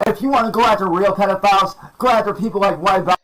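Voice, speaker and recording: A man with a very high voice rants in anger. He swears freely and spits out accusations in a heated rant. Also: fast talker, fairly bright tone, rough recording. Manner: angry, swearing, ranting. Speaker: streamer in a played clip.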